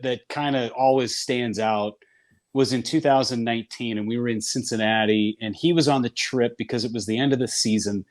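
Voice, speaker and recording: A man from Northern California, a baseball broadcaster, telling stories in a casual interview and acting out the people he quotes. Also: medium pitch. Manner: animated storyteller who acts out quotes. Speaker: baseball play-by-play broadcaster, guest. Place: store in Wisconsin.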